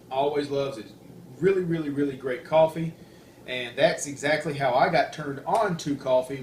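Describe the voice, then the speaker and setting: A chatty man with a Southern US accent and a slightly higher-than-usual voice walks through each step in a relaxed, conversational way. He sounds like he is in an echoey room with a faint hiss of background noise. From Deep South, US. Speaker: host, coffee reviewer. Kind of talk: casual demonstration chat.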